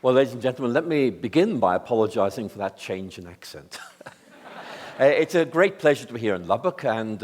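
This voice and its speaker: A British man in his sixties delivers a public lecture, his pitch rising and falling lively as he goes. His manner is measured and wry, with a dry humor. The sound carries a long reverb from a large hall. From Northern Ireland. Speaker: guest lecturer.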